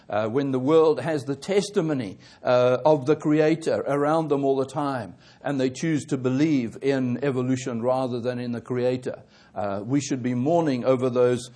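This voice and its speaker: A man preaching a sermon, halting and correcting himself often, growing more emphatic as he presses his points. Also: mid-range voice, warm tone. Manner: halting, with many fillers and self-corrections.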